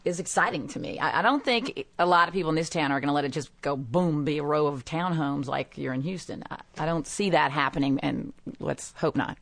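A woman speaks as a radio panel guest, earnest and stumbling a little as she starts her sentences. Her voice is low, recorded dry and close. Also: fairly quick, vocal fry, few pauses, no room sound.

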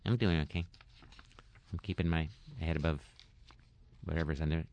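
A man's voice: rumbling low, steady tone, normal speed, lo-fi sound, noisy background. A man doing a wry talking atom. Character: laid-back talking atom, male, wry. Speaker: comic sidekick character.

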